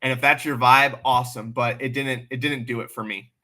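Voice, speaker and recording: Male livestream host, bright forceful tone, blunt and animated, swears freely, casual off-the-cuff chat. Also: medium pitch, brisk.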